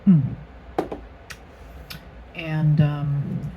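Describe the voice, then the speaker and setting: A woman's voice: sits low, level tone, very slow, slight background noise. A woman giving a casual tarot reading to her channel, rambling and hesitant with many fillers. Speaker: tarot reader. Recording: tinny phone-like sound.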